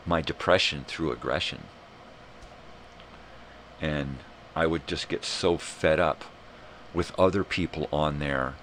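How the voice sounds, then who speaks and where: A man hosting a live morning show, ranting in a rambling, profane, animated way. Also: very deep voice, a little hiss or hum. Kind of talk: casual rant.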